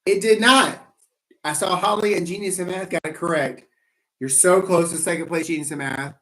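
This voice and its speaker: A man's voice: high voice, steady tone, normal speed, a bit bright. A man hosting a live trivia game, playful and rambling, teasing himself in asides between questions.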